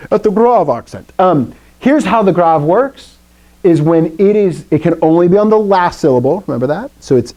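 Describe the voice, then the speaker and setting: Explaining the rules of a language one step at a time, a middle-aged Greek teacher lectures his class with playful asides. He speaks with a slightly high, darkish voice.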